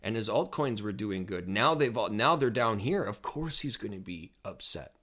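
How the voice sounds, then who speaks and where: A man giving casual, rambling commentary on crypto charts as a trading educator, excitable and prone to repeating himself. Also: fairly low pitch, normal speed.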